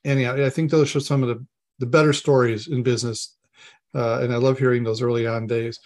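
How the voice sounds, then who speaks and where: Male interview host, mid-range voice, warmly affirming, conversational questions. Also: mid-range voice, steady tone, a little fast. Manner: affirming, asks questions, frequent agreement. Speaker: podcast host.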